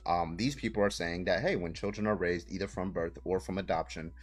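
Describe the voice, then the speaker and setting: A man's voice: sits low, a little fast. A man hosting a livestream debate, citing studies, repeating his question insistently and mocking his opponent. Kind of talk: heated online debate.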